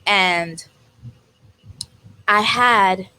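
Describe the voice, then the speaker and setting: A woman's voice: medium pitch, extremely slow, sharp tone, slight background noise, rough recording. Puerto Rican woman telling a story. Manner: storytelling, cursing, mixes in Spanish words. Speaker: podcast co-host. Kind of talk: casual chat.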